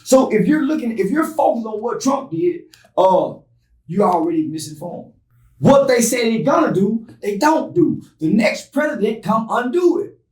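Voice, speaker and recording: A man's voice: extremely high pitch, animated, normal speed, darkish tone, far from the mic. Blunt lecturing man, roomy and off-mic. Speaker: interview guest. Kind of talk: blunt interview opinions.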